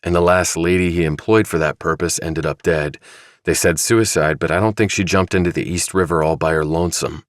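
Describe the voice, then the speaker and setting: A male narrator playing a calm, probing investigator in an audiobook, pressing with level questions. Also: low-pitched, a little fast, dry recording, studio quality, natural voice. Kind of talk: audiobook dramatization.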